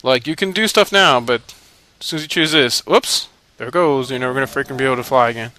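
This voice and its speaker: A man riffs through gameplay commentary, laughing often and swearing freely as he mocks the characters. His voice is bright and crisp, recorded dry and close. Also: mid-range voice, fast, no echo. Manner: profane, laughing, mocking the characters. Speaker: video game let's-play commentator.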